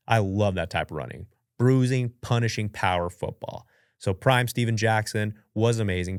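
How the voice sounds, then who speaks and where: Podcast host, young man, lowish voice, animated self-mocking storyteller, dry studio sound. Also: dry recording. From United States. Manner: animated, chatty, self-mocking, acts out his own reactions. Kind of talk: casual storytelling and Q&A. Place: professional studio. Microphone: studio mic.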